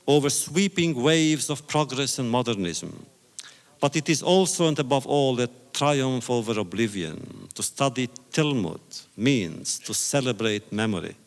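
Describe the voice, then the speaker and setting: An older man giving a public lecture, telling stories in a measured, deliberate way with pauses, as an audience laughs now and then. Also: medium pitch. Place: large lecture hall. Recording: reverberant hall recording.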